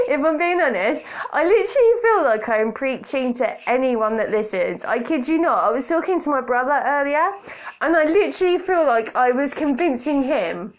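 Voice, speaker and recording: Chatty woman rambling on her podcast, bit high voice, jokey asides, hands-free kit mic. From Britain. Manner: chatty, self-mocking, playful asides. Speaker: podcast host. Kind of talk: casual solo podcast chat. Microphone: borrowed hands-free kit headset.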